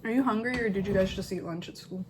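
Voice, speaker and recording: A woman's voice: mid-range voice, fast talker, noisy background. A woman in her thirties, a mother and vlogger, chatting casually at home in a rambling, filler-heavy way. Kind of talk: casual vlog chat.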